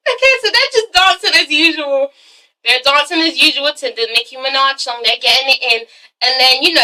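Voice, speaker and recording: A young woman recaps a TV episode in a fast, gushing vlog style, swearing freely. Her voice is high and bright. The mic sits a little far from her. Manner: gushing, swearing, animated storytelling. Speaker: TV show reviewer. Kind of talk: excited casual recap vlog.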